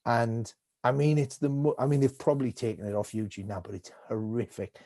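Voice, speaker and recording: A man's voice: medium pitch, fairly even intonation, brisk, mellow, no room sound. A man who is a comedian, a guest in a casual conversation over a video call, rambling animatedly and acting out voices as he tells stories.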